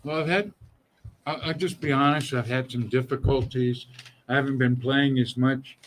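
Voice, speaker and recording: An older man, a guest on a talk show, telling stories in a relaxed, rambling way with lots of fillers. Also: medium pitch, a little hiss or hum, poor audio. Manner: slow, rambling storytelling with many fillers. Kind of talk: casual chat.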